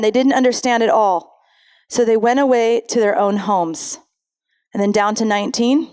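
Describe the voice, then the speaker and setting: A woman's voice: a little high, clear, resonant tone. A woman pastor giving a sermon in a conversational way, reading scripture aloud and often correcting herself mid-sentence.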